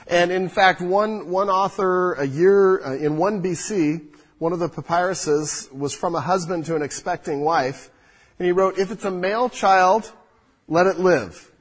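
A man preaching a sermon as pastor, animated and full of restarts. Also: sits high, measured pace, breathy edge, low-quality recording. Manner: animated, restarts often, drops soft when speaking to children. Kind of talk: sermon with children up front. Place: church sanctuary.

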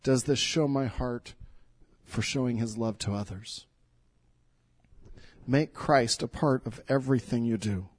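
A man's voice: mid-range voice, measured pace, long pauses, husky, no room sound. A middle-aged male pastor giving an earnest, pleading sermon in church, often repeating words as he speaks.

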